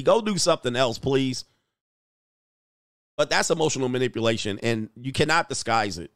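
A man's voice: medium pitch, no echo, studio quality. A man hosting a live stream, reading viewer comments aloud and giving blunt, crude, mocking commentary.

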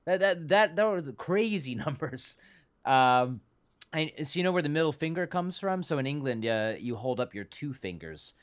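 Smooth-voiced man musing on a podcast. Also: a little high, animated. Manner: halting, many restarts and fillers, shares fun facts. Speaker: podcast co-host. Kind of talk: casual chat.

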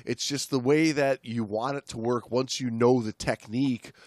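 A man's voice: mid-range voice, fairly even intonation, moderate pace, darkish tone. A male podcast co-host chatting casually and reading a story aloud with dramatic emphasis.

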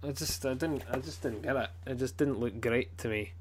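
A man's voice: mid-range voice, brisk, a little hiss or hum. A man with a Scottish accent chatting casually as a podcast co-host, blunt, swearing a lot and rambling with plenty of fillers. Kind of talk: casual chat.

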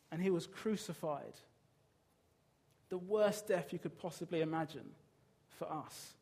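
A preacher with a notably high-pitched male voice delivers his sermon. He speaks earnestly and with emphasis, turning often to rhetorical questions for his listeners. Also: darkish tone, husky.

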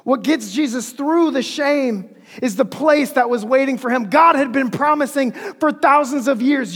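A man's voice: extremely high pitch, unhurried, fairly bright tone. A male pastor preaching a sermon with emphasis, repeating key phrases, recorded in an echoey hall.

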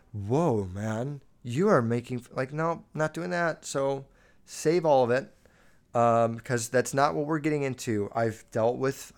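A man's voice: a little high, clean tone. A young man hosting a solo podcast, ranting casually and emphatically with lots of swearing. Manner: casual, profane and emphatic rant. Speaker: podcast host.

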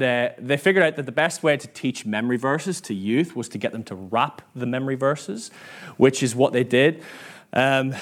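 A man preaching a sermon in church, chatty and self-mocking, acting out quoted voices as he tells stories. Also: fairly high pitch.

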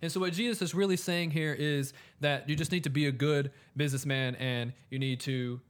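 A man's voice: fairly high pitch, fairly even intonation, fairly quick. A man in casual conversation about a Bible passage, thinking aloud and leaning on "like" as he talks. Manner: thinks aloud, heavy use of "like". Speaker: podcast co-host discussing scripture. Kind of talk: casual chat.

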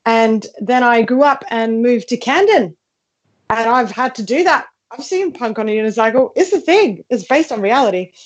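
A young woman talks through a comic show-and-tell over a video call from her front room, a little high in pitch. She is chatty and self-mocking, full of ums and restarts. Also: lively intonation, normal speed, muffled recording. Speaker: comedian guest. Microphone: video call from home.

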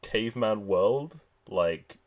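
Low, lively-voiced man musing wryly. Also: slow, highs cut off. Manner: hesitant, wry, questioning. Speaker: podcast co-host. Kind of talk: casual comedic chat.

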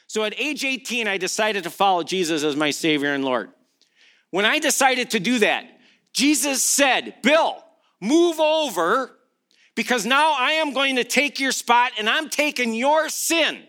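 A man's voice: high voice, sharp tone. A middle-aged man preaching a sermon as pastor. He speaks emphatically, asking rhetorical questions and repeating key phrases.

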